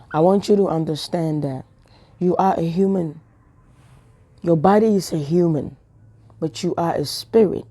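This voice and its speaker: Woman, low mellow voice, casual preacher, keeps hammering rhetorical questions. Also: husky. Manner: playful, joking asides. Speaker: online preacher. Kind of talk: casual spiritual message to camera.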